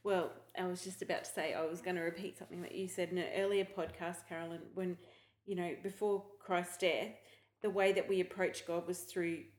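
A woman with a lowish voice talks through her ideas calmly and step by step. The recording has a noticeable roomy echo. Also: a little fast. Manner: thoughtful, explains step by step. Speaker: podcast guest. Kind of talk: casual church podcast chat.

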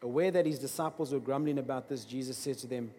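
A man preaching a sermon, emphatic, swinging between loud bursts and quiet asides. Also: medium pitch, fast, slightly rough. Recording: long reverb of a large hall.

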